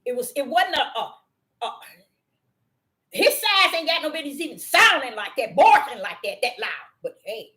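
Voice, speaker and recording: An older woman hosting a casual talk, telling a story in an animated, emphatic way and speaking directly to her listeners. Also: sits high, moderate pace. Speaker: host.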